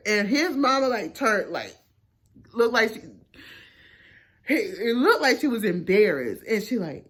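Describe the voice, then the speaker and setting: A young woman telling a personal story in a casual vlog, animated and acting out the quotes with lots of fillers. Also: medium pitch, normal speed.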